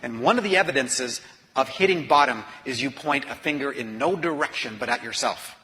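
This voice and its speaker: A man, an author and speaker, telling a personal story in an earnest, confessional way that moves from hushed to intense. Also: mid-range voice, a little fast. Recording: long reverb of a large hall.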